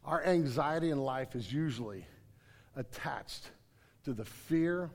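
A man preaching a sermon in a large room, earnest, often repeating words and swinging from emphatic to quiet. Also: lively intonation, unhurried. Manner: earnest, repeats words, rises to emphatic then drops low. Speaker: pastor. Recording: hall reverb.

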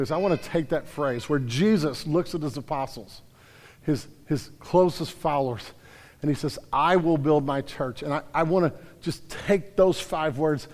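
A male pastor preaching a sermon, emphatic, swinging between loud declarations and quiet stretches. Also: a little high, in a large hall. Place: church sanctuary.

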